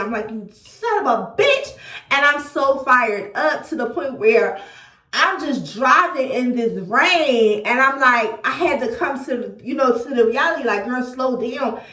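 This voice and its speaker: A woman from Philadelphia telling a storytime vlog in an animated, profane way, acting out quoted dialogue. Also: on the high side, recorded from a distance. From Philadelphia, USA. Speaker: vlogger. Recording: echoey room, voice a bit off-mic.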